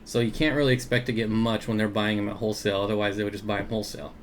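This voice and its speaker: Hosting an aquarium livestream, a man talks at a racing pace in a lowish, level voice, keeping things relaxed as he reads out comments, greets viewers by name and chuckles a lot. A slight hiss or hum runs through the audio.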